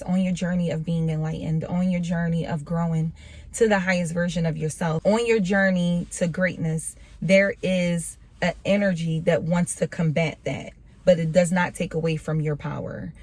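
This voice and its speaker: A woman's voice: on the low side, a little mellow. A woman vlogger giving a casual, earnest motivational talk on faith, repeating phrases for emphasis in a preacher-like way.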